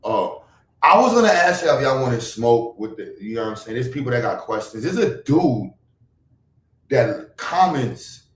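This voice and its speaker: Man, streamer, rambling chat that jumps from loud outbursts to muttering; mid pitch, a bit off mic in an echoey room. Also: very animated, normal speed, distant mic. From Brooklyn, New York. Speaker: livestream host. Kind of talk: casual livestream chat.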